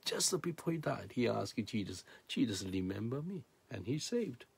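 A man preaching a sermon in broken, non-native English, swinging between loud emphatic peaks and low hushed asides. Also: very animated, moderate pace, vocal fry, breathy edge.

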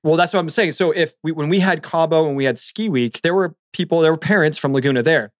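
A man's voice: fairly high pitch, fast talker, dry recording. Male podcast co-host in his thirties, easygoing and chatty, dry studio sound. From Southern California. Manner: relaxed, rambling storyteller. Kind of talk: casual chat.

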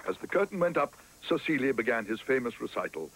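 A man's voice: mid-range voice, sing-song, fast talker, few pauses, a bit bright, husky, poor audio. Man narrating a storybook cartoon.

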